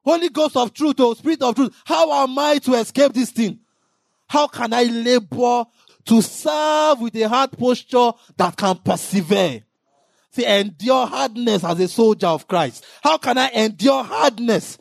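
A man preaching a sermon in an impassioned way, now and then rising into shouted emphasis. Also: very high-pitched, measured pace, creaky, dry recording, studio quality.

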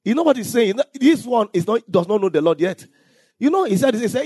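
Pastor guy preaching, really high voice, bouncing all over, dry close mic. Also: very animated, brisk, breathy edge, dry recording. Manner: preaching with scripture readings, some shouted lines and sung phrases. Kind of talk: sermon.

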